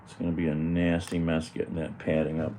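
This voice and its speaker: A man's voice: rumbling low, monotone, a little fast, warm tone, a little hiss or hum. A man vlogging casually at home, rambling to himself and his cats with some mild cursing. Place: home, indoors.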